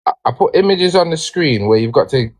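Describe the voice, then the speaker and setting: A man's voice: on the high side, animated, brisk. A man with an English accent hosting a game on a livestream, polite and hesitant, with fillers and restarts. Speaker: game host.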